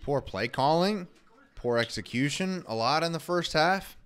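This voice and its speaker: A man's voice: on the high side, animated, measured pace, a bit bright, clean tone. A man co-hosting a casual watch party stream, calling plays and reading viewer comments aloud with a wry, exasperated manner.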